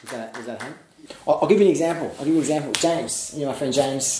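A man telling a story to friends, animated and laughing along the way. His voice sits at a middle pitch, and it echoes in the room over faint background noise. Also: rapid-fire. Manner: animated, laughing anecdote-teller. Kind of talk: casual storytelling in a group chat.

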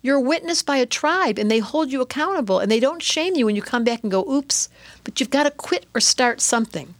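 Lively, expressive woman guest, dry sound. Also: high voice, fairly quick, no room sound. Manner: expressive, acts out inner voices, laughs often. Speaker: guest, astrologer and author. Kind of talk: animated interview talk.

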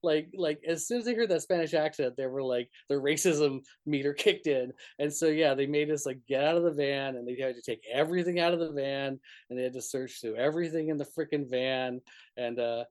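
Laid back musician dude from new mexico telling road stories, kinda high pitched, keeps restarting and laughing. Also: male voice, brisk, a little mellow. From northern New Mexico. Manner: rambling, heavy on "like" and restarts, laughs often. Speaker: touring musician guest. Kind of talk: casual storytelling interview.

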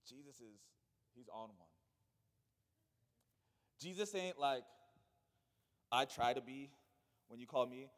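A man preaching a sermon as pastor, swinging between loud declarations and hushed asides. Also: mid-range voice, expressive, takes it slowly, long pauses. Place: church sanctuary. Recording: long church hall reverb.

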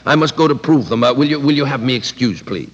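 A man's voice: mid-range voice, animated, fast talker, husky, in a large hall, highs cut off. A man voicing a sheepish man who stumbles through an excuse to stay away from a feast. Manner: stammering, sheepish.

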